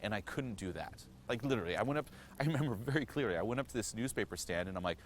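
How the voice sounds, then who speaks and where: Deep-voiced, expressive, and quick, a self-improvement vlogger tells his personal story candidly to camera. He's frank, earnest, and profane, relies heavily on "you know," and addresses the viewer directly, with a little hiss or hum audible.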